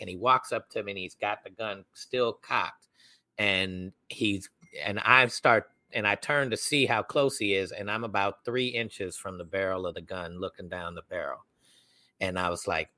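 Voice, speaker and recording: A young man co-hosting a podcast, telling a story in a casual, animated way. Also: lowish voice, normal speed, no room sound. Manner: animated, acts out quoted voices. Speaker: podcast co-host.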